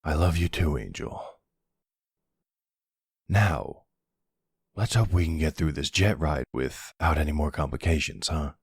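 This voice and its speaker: A man voicing a protective middle-aged mafia boss in an ASMR boyfriend role-play, firm and deliberate. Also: breathy edge, no room sound, studio quality, full character voice. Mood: affectionate. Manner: firm, warning, slow and low.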